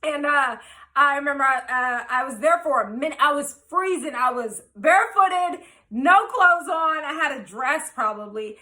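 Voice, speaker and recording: A woman telling a wild personal story in a casual, animated, profane way, acting out what everyone said. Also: high voice, moderate pace. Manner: animated, profane, quoting herself.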